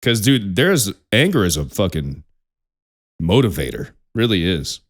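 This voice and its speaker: A young man co-hosting a podcast in casual chat, animated and profane, laughing often. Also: sits low, unhurried. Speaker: podcast co-host.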